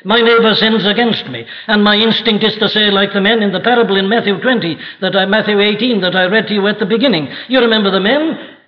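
A man's voice: high voice, quick pace. A man preaching a sermon from Wales with an emphatic, dramatic delivery. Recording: echoey hall, dull archival audio.

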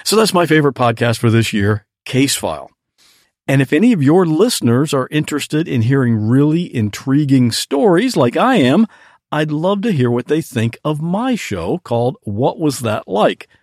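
A man leaving a voice message for a podcast host, with a lively voice that rises and falls a lot. He tells his story at mid pitch, recorded dry and close. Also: moderate pace, no room sound. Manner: animated storytelling. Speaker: podcast guest caller.

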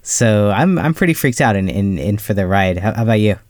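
A man with a fairly low voice co-hosts a casual film podcast and shares his reactions. He rambles and fills the gaps with "like" and "uh". His voice sounds dry and close to the mic. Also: lively intonation, a little fast, no echo. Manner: rambling, heavy on fillers like "like" and "uh". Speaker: podcast co-host.

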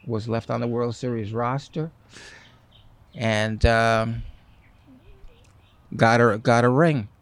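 A man in his sixties, a guest in an interview, telling stories in an animated way and acting out what others said. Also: mid-range voice, dry recording. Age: 60s. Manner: animated, acts out quoted speech. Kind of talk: storytelling in an interview.

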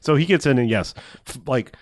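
A man's voice: medium pitch, a little fast, no echo. A man casually recapping a movie plot in a rambling, profane way, laughing often.

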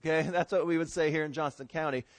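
A man's voice: fairly high pitch, steady tone, fast talker, no room sound. A man, preaching a sermon in a folksy, conversational way full of homespun comparisons. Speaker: pastor.

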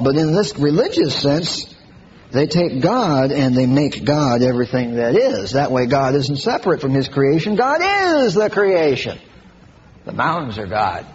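A man preaches with a high, lively voice that swings up and down. He is animated and mocking at times. The recording sounds a little dull and lo-fi, with faint hiss behind him. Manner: animated, mocking impressions with sudden high-pitched outbursts. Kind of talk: sermon.

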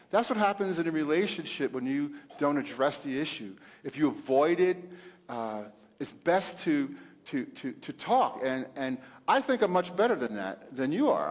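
A middle-aged man hosting a casual talk about marriage, quoting scripture, animated with loud bursts and frequent laughs. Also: fairly high pitch. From Italian heritage. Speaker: pastor and host. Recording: long hall reverb.

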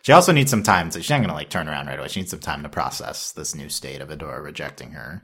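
A man's voice: a bass voice, animated, rapid-fire, fairly bright tone, slightly rough. A man co-hosting a podcast in casual chat, rambling and restarting his sentences and laughing often. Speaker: podcast co-host.

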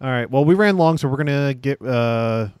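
A man's voice: medium pitch, expressive, moderate pace, darkish tone, a little hiss or hum. A man co-hosting a casual movie podcast, blunt, opinionated and sardonic. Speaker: podcast co-host.

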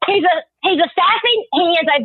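A high-voiced woman chats casually as a podcast co-host, doubling back on her phrases while she tells a story. The sound is thin and phone-like, with a dry, close feel and no room. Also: a little fast, dry recording. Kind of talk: casual chat. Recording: dry, tinny phone-like line.

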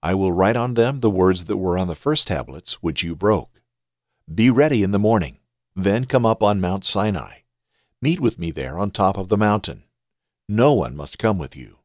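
A solemn, commanding divine voice, as a man reading scripture puts it on, spoken low and measured. The delivery is dry and close, with no room around it. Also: expressive, a little mellow, dry recording. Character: God speaking, solemn commanding male deity.

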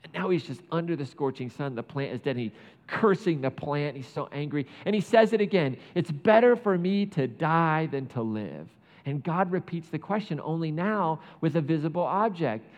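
A man preaching a sermon, retelling a Bible story with lively asides and playing out the characters' lines. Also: fairly high pitch, fairly quick, in a large hall. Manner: animated storytelling, acts out biblical characters. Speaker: pastor.

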